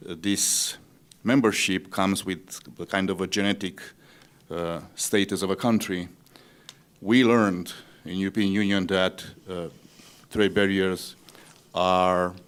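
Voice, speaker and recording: A man speaks as a diplomat on a trade panel. His voice is very deep, and he builds his answer in measured, formal sentences. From Romania. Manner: measured and formal, policy-minded.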